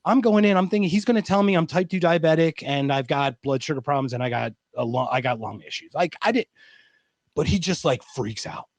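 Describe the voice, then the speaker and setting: Rambling, animated storyteller man from Philadelphia. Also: a little high, a little fast, no room sound. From East Coast of the United States, Philadelphia. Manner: animated, rambling, full of "like" and asides. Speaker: guest. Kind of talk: casual storytelling on a video call.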